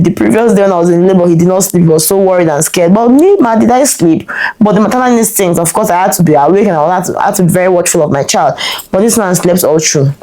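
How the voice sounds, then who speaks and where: Animated woman telling a story. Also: on the low side, low-quality recording. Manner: animated, exclamatory retelling with rhetorical questions. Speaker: vlogger. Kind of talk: personal storytelling to camera.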